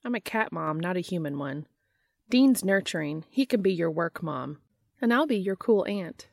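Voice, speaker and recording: A woman's voice: fairly low pitch, animated, normal speed, creaky, no room sound, studio quality. A woman reading an audiobook, voicing a brash, teasing woman friend in a raised, emphatic voice. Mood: mock indignant.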